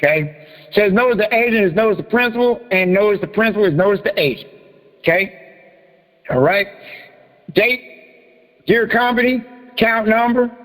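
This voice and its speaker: High-voiced man, echoing joking talk. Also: animated, moderate pace, long pauses, fairly bright tone. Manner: joking, profane and laughing, then reading out a form letter. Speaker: host of a private group meeting. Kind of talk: casual teaching talk. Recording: long echoing reverb.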